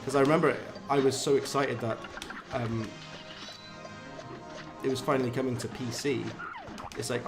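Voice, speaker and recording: Brief: Welsh Valleys-accented male streamer, mid-pitched, easygoing self-mockery, game music clearly behind him. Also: fairly even intonation, normal speed, long pauses. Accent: South Wales Valleys. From South Wales. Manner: chatty, self-mocking, bursts up in pitch when frustrated. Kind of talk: casual live game-stream commentary.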